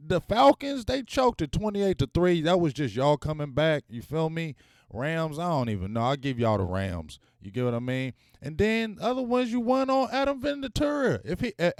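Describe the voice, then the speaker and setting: Animated man ranting on sports. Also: fairly high pitch, no echo, studio quality. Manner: animated, talks straight to viewers, casual slang. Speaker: sports talk show host. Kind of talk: live-stream sports talk.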